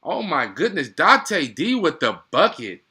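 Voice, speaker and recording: Young male streamer, bright forceful voice, slangy and excitable play-by-play caller. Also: a little high, normal speed, slight background noise. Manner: excitable, slangy, chatty with viewers. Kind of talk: casual live play-by-play commentary.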